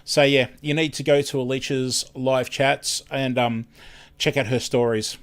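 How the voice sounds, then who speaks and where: A man's voice: medium pitch, steady tone, a little slow. An Australian man hosting a live stream in casual chat, rambling, self-deprecating and tripping over his words.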